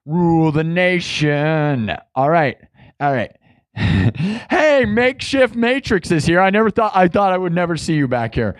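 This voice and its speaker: A man hosting a live music stream, chatting in a rambling, excitable way and breaking into shouts. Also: a little high, a little slow, no echo. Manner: excitable, bursts into shouts, heavy use of "like".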